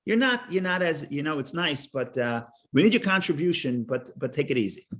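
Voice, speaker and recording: A man teaching a Torah class, halting, repeating words and restarting, and explaining with stories and jokes. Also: a little high, animated.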